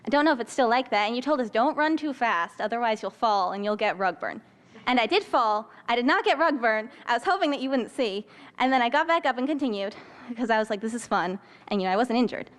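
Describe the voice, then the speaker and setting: A woman's voice: on the high side, lively intonation, fast, few pauses. A young woman in her late teens, a former student, giving an earnest and articulate farewell speech to a retiring teacher.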